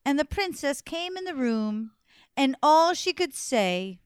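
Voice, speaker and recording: A woman storyteller telling a fairy tale to listeners, playful and dramatic with pauses for effect. Her voice is high and swings widely in pitch. The sound is dry and close. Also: sing-song, no room sound. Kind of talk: animated storytelling to an audience.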